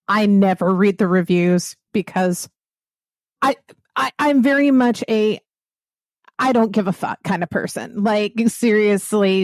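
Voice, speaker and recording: A woman's voice: mid-range voice, dry recording, clean studio sound. A woman from the American South, a podcaster speaking bluntly in a roundtable discussion. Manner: blunt, profane, unbothered.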